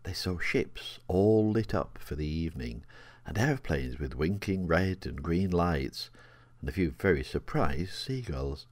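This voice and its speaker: An older man reading his own children's story aloud in a gentle, expressive way. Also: sits low, a little slow, no room sound.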